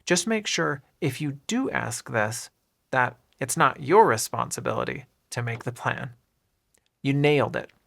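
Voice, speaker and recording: A man with a gravelly, creaky edge to his mid-pitched voice leads an English lesson. He speaks clearly and deliberately, modelling each phrase and pointing out how the words run together. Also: lively intonation, a bit bright. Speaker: English teacher. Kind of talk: scripted lesson narration.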